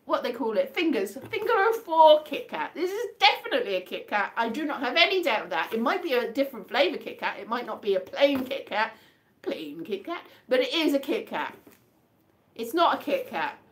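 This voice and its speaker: A British woman vlogs casually, rambling and amusing herself as she tries to guess mystery items by touch. Her voice is high, very animated and brisk.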